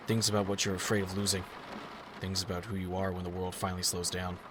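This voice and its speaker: An actor playing a steady man on a road trip, with a dry, wry way of talking. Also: low voice, quick pace, lightly acted. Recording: background hiss.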